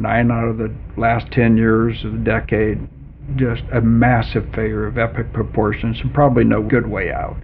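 Gravelly older man telling a story over narrow radio audio. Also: mid-range voice. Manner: lively raconteur, chuckles through his story. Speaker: retired executive guest. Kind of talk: anecdotal storytelling in an interview. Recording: narrow phone-like radio sound with faint hiss.

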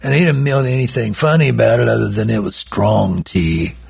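An older man, his deep voice thick with gravel. It is husky and rough-edged. He tells his stories in a folksy, wandering way, full of asides. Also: fairly quick, a little mellow. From Oklahoma. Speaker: recording engineer and guest. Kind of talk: rambling anecdotal storytelling.

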